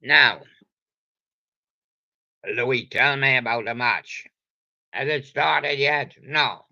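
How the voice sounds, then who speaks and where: A man's voice: mid-range voice, very slow, creaky, pushed and bright, lo-fi sound. An older man rambling playfully to himself in a meandering solo monologue. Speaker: vlogger.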